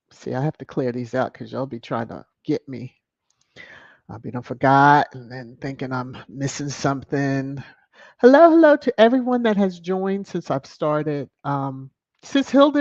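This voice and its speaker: A woman's voice: low voice, a little mellow, no room sound. A woman hosting a live stream, chatting casually as she reads and thanks viewers for their donations. She is effusive and laughs often. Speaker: channel host. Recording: dull, dry lo-fi sound.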